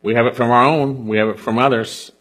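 Man, pastor, sermon, breathy voice, earnest, hushed emphasis. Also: mid-range voice, steady tone, a little fast, faint music behind. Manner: earnest, drops to a hush on key points. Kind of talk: sermon with scripture reading.

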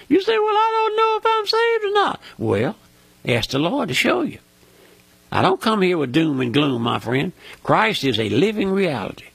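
An older man preaching with a Mississippi Southern drawl, folksy and fervent. His gravelly, husky voice swings high and low and sounds bright and forceful. The sound is close and dry. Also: dry recording. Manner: folksy, fervent, repeats "my friend" and "listen". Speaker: radio preacher. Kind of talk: radio sermon.

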